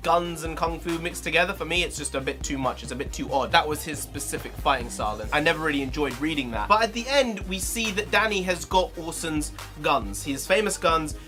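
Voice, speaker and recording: A man's voice: expressive, a little fast, hardly any pauses, music in the background. Ranting man. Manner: heated, swearing, big pitch swings. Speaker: video reviewer. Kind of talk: ranting review vlog.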